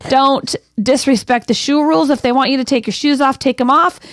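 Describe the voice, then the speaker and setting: A woman with a high, light voice co-hosts a morning show, running through listener notes and tips at a brisk clip. Her voice is close and dry on the mic. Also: no room sound. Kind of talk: casual radio chat.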